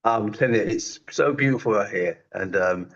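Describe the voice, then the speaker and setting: A man giving a chatty, animated testimonial on an online group call, with lots of fillers. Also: on the low side, moderate pace. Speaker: network marketer giving a testimonial. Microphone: video call. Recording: dull lo-fi video call audio.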